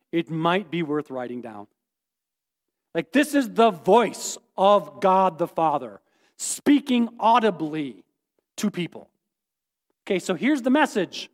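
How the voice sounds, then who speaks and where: A pastor preaching a sermon in a church, animated and playful, often quizzing the congregation, with echoey hall reverb. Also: male voice, high-pitched. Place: church sanctuary.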